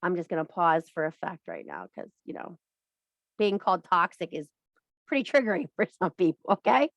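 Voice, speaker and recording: A woman's voice: on the low side, huge pitch swings, normal speed, dry recording. A woman giving a casual spiritual pep talk about witchcraft, blunt and profane, hammering points home with repetition. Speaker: witchcraft teacher and live streamer.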